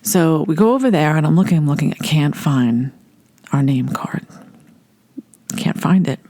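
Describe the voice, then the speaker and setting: A woman casually telling a personal story, animated and acting out the voices of people she quotes. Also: low-pitched, a little fast, no echo. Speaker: storyteller recounting a personal memory.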